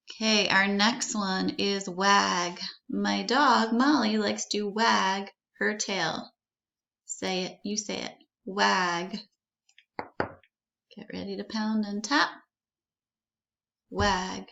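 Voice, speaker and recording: A woman teaching a phonics lesson to young children, slowly sounding out words letter by letter and encouraging them to repeat. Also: medium pitch, fairly even intonation, vocal fry, pushed and bright, lo-fi sound.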